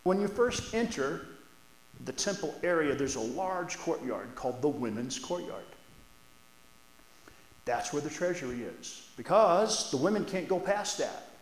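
A man preaching a sermon as a church elder, talking in a folksy, earnest and conversational way. His voice sits a little high for a man. The sound rings around a large, echoey church room. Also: very animated, measured pace. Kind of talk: sermon with scripture reading. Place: church sanctuary.

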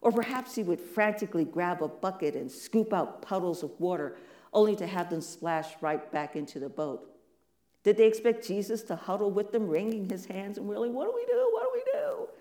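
Preacher, warm and mellow tone, casual sermon delivery with lots of rhetorical questions; roomy, echoing sound. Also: medium pitch, moderate pace. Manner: conversational, many rhetorical questions, playful asides. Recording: echoey room.

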